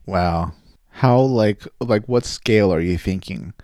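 A man's voice: on the low side, slow pace, warm tone, no echo, studio quality. A man co-hosting a casual podcast, joking and laughing often, with playful mock-dramatic asides. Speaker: co-host.

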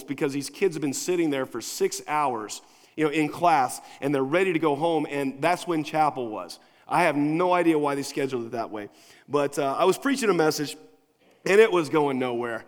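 A male pastor preaching a sermon in a casual, conversational way, moving between quiet asides and emphatic points. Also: a little high, normal speed. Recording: long reverb of a large hall.

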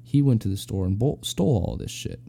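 Low gravelly man telling a story. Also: animated, a little fast, warm tone. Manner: rambling, slangy, lots of fillers. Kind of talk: casual spoken anecdote.

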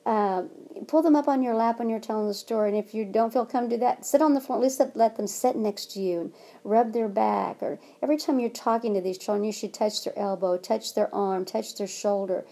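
Earnest woman with a mellow voice. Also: a little high, a little fast. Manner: earnest, emphatic, acts out examples. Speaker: guest, child care trainer. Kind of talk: interview advice.

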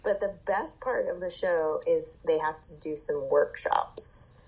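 A woman's voice: deep voice, a little slow, a crowd in the background, poor audio. A woman hosting a podcast, who chats casually and rambles through a story while filling it with "like" and "um". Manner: rambling, filler-heavy storytelling. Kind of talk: casual chat.

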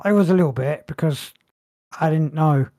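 A man's voice: fairly high pitch, normal speed, mellow, no room sound, studio quality. Jokey man on a podcast. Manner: jokey, breaks into silly singing. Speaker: podcast co-host. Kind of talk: casual chat.

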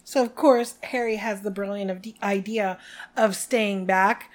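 A woman co-hosting a podcast, recapping a book in an animated, giggly casual chat. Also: mid-range voice, a little slow. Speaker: podcast co-host.

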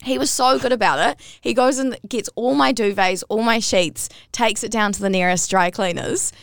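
A woman's voice: a little high, moderate pace, vocal fry, smooth, dry recording, clean studio sound. A woman co-hosting a podcast, telling a personal story in casual chat and rising to squeals at the big moments. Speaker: podcast co-host.

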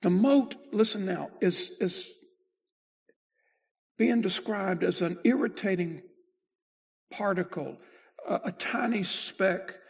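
A male pastor preaching a sermon, slow and deliberate, with his voice swelling and dropping in volume. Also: sits high, vocal fry, breathy edge.

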